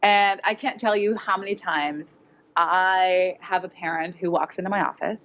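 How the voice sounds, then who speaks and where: A woman's voice: on the low side, fairly even intonation, normal speed, lo-fi sound. A woman educator giving a direct, practical conference talk to parents. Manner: direct, practical, acts out quoted voices. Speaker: educator presenting. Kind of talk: conference presentation. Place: conference hall with audience.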